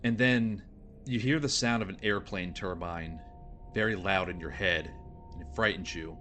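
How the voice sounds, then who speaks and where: A man runs a tabletop game as game master. His voice sits very low, and he tells the scene in a measured, descriptive way. Music plays clearly behind him. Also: sharp tone. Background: background music.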